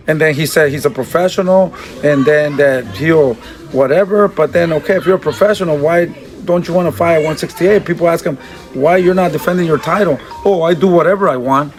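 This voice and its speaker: Blunt, profane male boxer over faint music. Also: on the high side. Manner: blunt and profane, laughing at his own remarks. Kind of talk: press conference remarks.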